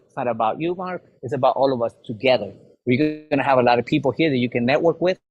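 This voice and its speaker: A man leading a sales workshop, giving an energetic motivational talk and firing rhetorical questions at the audience. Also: a little high, breathy edge, rough recording. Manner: acts out quoted people in lively voices.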